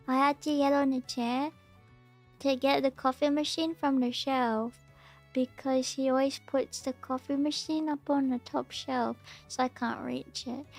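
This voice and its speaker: A woman streaming as a VTuber, chatting playfully while she bakes and teasingly scolding her viewers. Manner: playful, mock-scolding chat with sudden squeaky outbursts. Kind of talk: casual stream chat.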